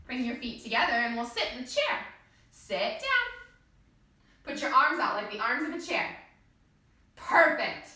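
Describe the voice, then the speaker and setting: A woman leads a children's yoga class, her high, bright voice bouncing through lively swoops as she cheers the little ones along. She sounds a few steps back from the mic in a strongly echoing room. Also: a little slow, long pauses. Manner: playful, encouraging, sing-song. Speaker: kids yoga teacher. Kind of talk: guided kids yoga class with pretend play. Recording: echoey room, voice from a distance.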